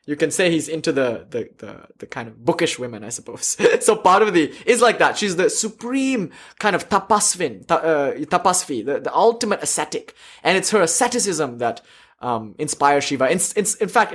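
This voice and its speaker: A male teacher telling old stories to a class in an animated, irreverent way. His voice sits fairly high and has a husky, breathy grain. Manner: animated, irreverent, lively asides. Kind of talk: storytelling lecture.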